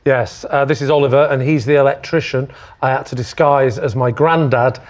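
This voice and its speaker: A man's voice: medium pitch, steady tone, moderate pace. A man on a comedy panel, rambling and chuckling through a funny story. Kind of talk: comic anecdote. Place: TV studio with live audience. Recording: muffled stage recording with loud audience.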